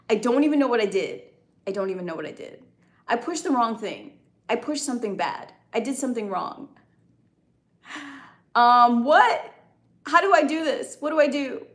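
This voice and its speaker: Woman live-streamer, teasing and chatty, fairly high voice, echoey room. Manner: teasing, chatty, drops into a soft breathy near-whisper. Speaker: livestream host. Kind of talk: casual live-stream chat with viewers.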